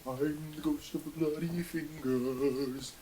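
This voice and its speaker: A man voicing an eerie ghost with bloody fingers, in a slow, drawn-out, droning voice. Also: on the high side, fairly even intonation, warm tone, a little hiss or hum, poor audio.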